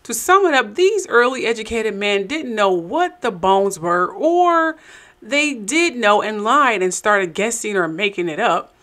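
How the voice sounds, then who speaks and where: Woman, show host, narrated commentary, sarcastic, skeptical, mid-pitched voice. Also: animated, a little slow, a bit bright.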